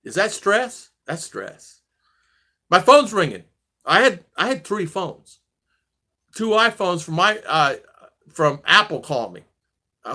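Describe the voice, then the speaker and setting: A man's voice: sits high, very animated, slow pace, long pauses, pushed and bright. A man in his sixties from the United States, telling rambling stories in a casual vlog chat, often restarting and trailing off. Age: 60s. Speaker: vlogger.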